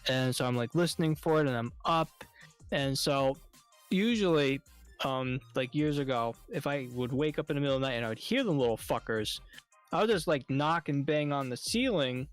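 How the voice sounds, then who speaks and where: A man telling a story on a stream in casual chat, animated and swearing often. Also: mid-range voice, moderate pace, clean tone, faint music behind.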